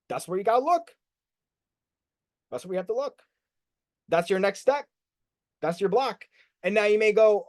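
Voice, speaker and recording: A man's voice: sits high, moderate pace, long pauses. A man leading a group coaching class as a spiritual coach, talking casually, swearing freely and acting out his students' inner voices. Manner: animated, rhetorical "right?" checks.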